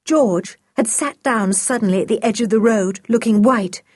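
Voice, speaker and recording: A woman narrating a children's audiobook with an expressive reading. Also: on the high side, normal speed, no echo. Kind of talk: storybook narration.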